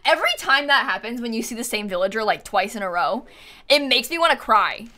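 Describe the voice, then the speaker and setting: A woman streaming a game live, chatting to her viewers in an excitable way, laughing often and shouting in exasperation. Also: a little high, a little fast. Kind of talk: live-stream chat while gaming.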